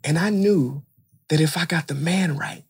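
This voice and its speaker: A man voicing a small boy who pesters his father to play, pitching his husky voice up high. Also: moderate pace. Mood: earnest. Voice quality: raised childlike pitch. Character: excited little boy begging his dad.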